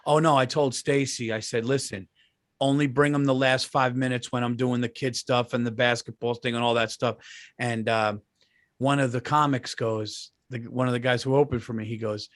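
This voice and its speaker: A man co-hosting a comedy podcast, telling stories in casual chat, acting out other people's lines in a higher voice and swearing freely. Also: fairly quick, no room sound, clean studio sound. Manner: animated storyteller who acts out quoted voices in a raised pitch.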